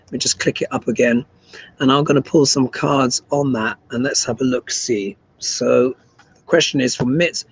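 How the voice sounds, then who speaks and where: A man's voice: mid-range voice, moderate pace, slightly rough, poor audio. A man hosting a casual astrology and tarot livestream, chatting and reading viewer comments aloud. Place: small desk in a humid room abroad.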